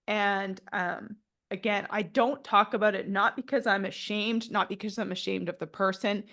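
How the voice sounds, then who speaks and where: A woman's voice: medium pitch, vocal fry, a bit bright. A woman hosting a podcast interview, speaking bluntly and emotionally through tears, with the odd swear word. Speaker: podcast host. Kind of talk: candid interview chat.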